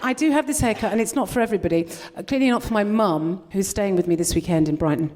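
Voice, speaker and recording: A woman's voice: medium pitch, quick pace. A woman guest comedian chatting on a live comedy podcast, brash and self-mocking. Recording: noisy live recording.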